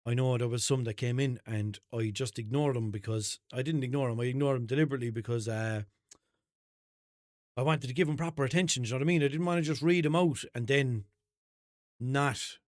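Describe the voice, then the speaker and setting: A man's voice: medium pitch, fairly quick, no room sound, clean studio sound. A man from Limerick with a Limerick Irish accent, hosting an unscripted podcast in a rambling, sweary, jokey way. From Limerick, Ireland. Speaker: podcast host. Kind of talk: unscripted casual podcast chat.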